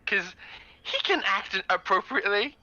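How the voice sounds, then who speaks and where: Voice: mid-range voice, lively intonation, normal speed, bright, forceful tone, no echo, dull audio. A player in a tabletop game describing their character's actions, stumbling and repeating words.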